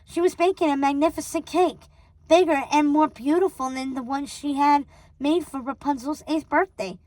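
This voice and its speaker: A woman's voice: sits high, moderate pace, no echo, low-quality recording. Woman reading a storybook aloud. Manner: expressive, animated reading. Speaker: storybook reader. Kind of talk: read-aloud storybook narration.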